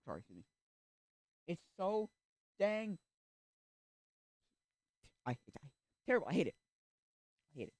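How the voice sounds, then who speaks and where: A male streamer in casual chat, rambling with restarts and acting out little quoted exchanges, sometimes breaking into loud rants. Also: high-pitched, huge pitch swings, measured pace, long pauses, no room sound, clean studio sound. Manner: gets loud and ranting.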